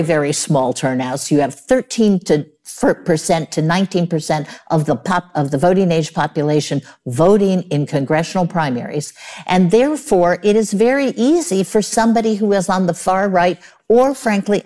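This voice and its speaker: A woman's voice: lowish voice, mellow. A woman arguing her side in a formal debate, emphatic and assertive.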